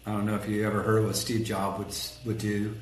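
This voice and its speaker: Animated storytelling man in an echoey room. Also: lowish voice, a little fast. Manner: animated storyteller acting out quotes; self-described rough around the edges. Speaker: guest, collision shop executive. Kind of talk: casual storytelling interview. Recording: echoey room with faint background noise.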